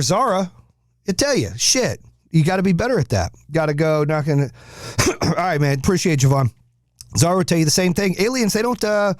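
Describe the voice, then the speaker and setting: A man's voice: sits high, no echo, studio quality. A man hosting a podcast, giving a blunt, profane, fired-up motivational monologue. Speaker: podcast host.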